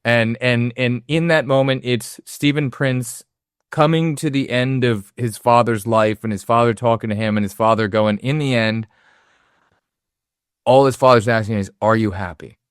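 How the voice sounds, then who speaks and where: A man's voice: mid-range voice, moderate pace, smooth, no echo, clean studio sound. A man co-hosting a film podcast, telling stories in casual talk with lots of swearing and quoted asides. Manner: profane, animated storytelling with acted-out quotes. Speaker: podcast co-host.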